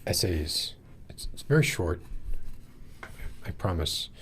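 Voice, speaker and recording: A man with a fairly low voice hosts a live podcast. He talks in a loose, meandering way, full of ums and restarts, and breaks off to greet viewers in the chat before reading aloud. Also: sing-song, slow, a bit bright, slight background noise. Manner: rambling, many fillers, greets live chat. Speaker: podcast host. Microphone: wears in-ear monitors.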